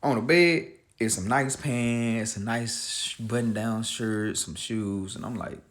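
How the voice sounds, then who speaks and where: A man's voice: medium pitch, a little slow, a bit bright. A man casually telling a personal story, retelling the dialogue in a conversational way.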